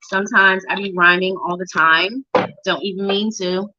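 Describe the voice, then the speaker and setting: A woman with a medium-pitched, sharp voice and fairly even intonation reads tarot on a live show at normal speed. She chats playfully with viewers by name and hums or sings tunes while she shuffles, captured in dull lo-fi livestream sound.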